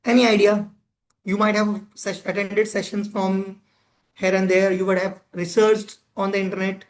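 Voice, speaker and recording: A man's voice: high voice, flat delivery, moderate pace. A man leading an interactive workshop session, chatting and putting questions to his audience. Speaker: presenter of a club education session.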